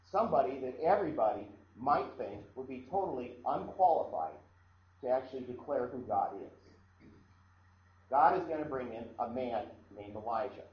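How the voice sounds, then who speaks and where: A man from Iowa preaching a sermon in a conversational way, often repeating and restarting his phrases. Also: mid-range voice. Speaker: pastor. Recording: echoey room, dull sound, faint background noise.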